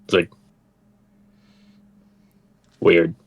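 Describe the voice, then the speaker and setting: A man's voice: moderate pace, muffled recording. A man in a tabletop game, talking casually and hesitantly with a lot of "like". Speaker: player. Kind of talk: tabletop role-play.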